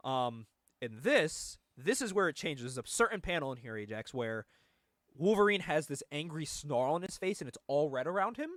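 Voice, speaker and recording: Male comics podcast host, lively pitch, dry close sound, laughing, rambling retellings. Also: normal speed, no echo. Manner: animated, laughing, rambling restarts. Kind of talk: casual chat about comics.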